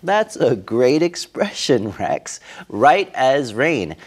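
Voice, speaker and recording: A presenter reading a scripted vocabulary segment in a slow, sing-song delivery. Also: mid-range voice, very animated, husky.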